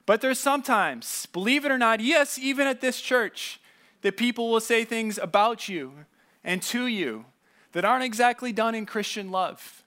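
A pastor giving a conversational sermon, telling stories casually with asides and repeated words. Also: male voice, very high-pitched, normal speed, pushed and bright.

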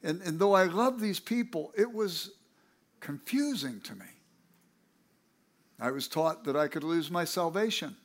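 A man preaching a sermon, telling his own story in a conversational way with lively asides. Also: a little high, a little slow, long pauses. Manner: animated, acts out quoted people with a raised voice; conversational, self-correcting asides.

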